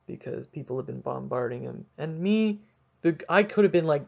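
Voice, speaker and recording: A man's voice: fairly high pitch, expressive, moderate pace, vocal fry, a little mellow, highs cut off. A young Canadian man hosting a podcast, telling a story casually, mocking himself and acting out quotes dramatically. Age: young adult. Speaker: podcast host.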